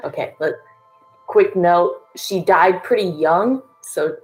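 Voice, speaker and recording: A woman playing a tabletop game in character, talking in a halting, hesitant way. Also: on the low side, darkish tone, soft background music, rough recording. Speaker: player.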